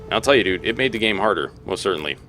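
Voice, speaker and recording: A man's voice: fairly low pitch, animated, rapid-fire, bright, forceful tone, faint music behind. A young man casually commenting on his own gameplay as a let's play host, thinking aloud and laughing often.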